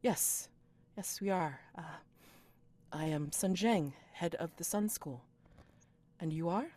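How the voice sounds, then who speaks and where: A woman's voice: on the low side, slow pace, mellow, voice pushed up. A woman voicing a proud, composed woman who leads a martial school, speaking with dry politeness. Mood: formal.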